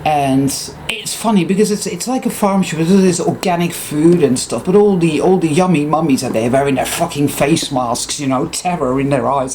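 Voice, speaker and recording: A man with an English accent, ranting in a casual vlog monologue and telling profane, animated stories. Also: on the high side, moderate pace, hardly any pauses, slight background noise. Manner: mimics other people's voices. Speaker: vlogger.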